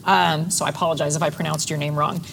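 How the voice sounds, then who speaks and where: Enthusiastic woman, low-ish voice. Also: steady tone, quick pace, gravelly. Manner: enthusiastic, lots of affirming responses. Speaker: Bible study co-host. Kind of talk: casual group chat, reading shares aloud. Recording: faint background noise.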